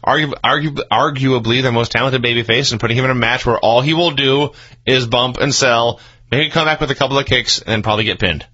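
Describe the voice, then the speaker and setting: A man co-hosting a wrestling review podcast, with dry, wry commentary and quick deadpan asides. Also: medium pitch, muffled recording. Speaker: podcast co-host. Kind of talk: casual wrestling review chat.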